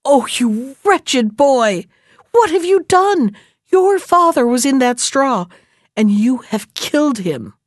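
A woman's voice: high voice, sing-song, normal speed, dry recording, clean studio sound, pitched above the performer's own voice. A woman reading a folk tale aloud, voicing a frantic, scolding mother who schemes against her own brother. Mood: wailing.

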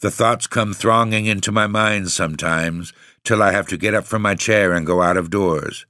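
A man voicing an old woman caretaker with second sight, speaking quietly and solemnly. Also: low voice, normal speed, no room sound, studio quality. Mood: grave. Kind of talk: audiobook reading.

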